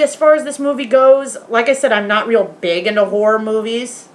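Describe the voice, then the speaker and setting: A woman in a casual vlog, retelling a horror film's ending in animated detail, swearing often and now and then softly talking aside to her pet. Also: mid-range voice, quick pace, few pauses, slight background noise. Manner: animated, swearing, retelling scenes with quoted voices. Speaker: vlogger. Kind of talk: casual movie review vlog.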